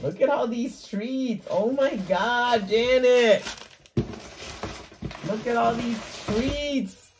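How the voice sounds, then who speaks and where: A young woman unboxing a package for her vlog, gushing over each item with excited exclamations. She speaks slowly, her pitch leaps high and dips low, and there is a faint hiss under her voice. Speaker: vlogger opening mail.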